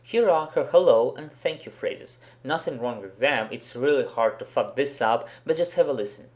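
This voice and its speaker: A man's voice: mid-range voice, lively intonation, normal speed, darkish tone. A man hosting a commentary video, giving a blunt, sarcastic and profane critique. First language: Russian. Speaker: host, professional interpreter.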